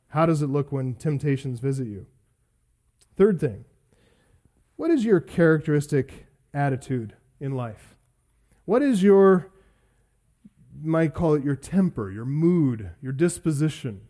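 A middle-aged pastor, his voice warm in tone and pitched a bit high for a man, preaches a sermon. He puts sincere questions to his listeners and weaves in personal stories with self-deprecating humor.

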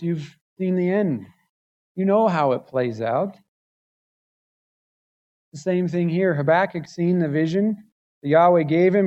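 Male pastor, slightly high voice, slow deliberate sermon delivery, emphatic builds, dull lo-fi recording. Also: darkish tone. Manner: emphatic, building intensity through lists and rhetorical questions.

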